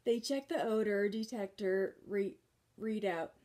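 Slow-paced woman reader for a children's story, relaxed with casual asides. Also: medium pitch. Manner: unhurried reading with chatty asides and laughs. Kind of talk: reading a children's book aloud.

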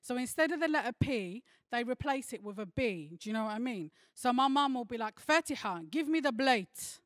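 A woman's voice: a little high, animated, a little fast, no room sound. Cheeky woman doing stand-up. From London. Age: young adult. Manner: cheeky, chatty, punchy delivery. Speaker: stand-up comedian. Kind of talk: stand-up comedy set. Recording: laughter from a virtual audience.

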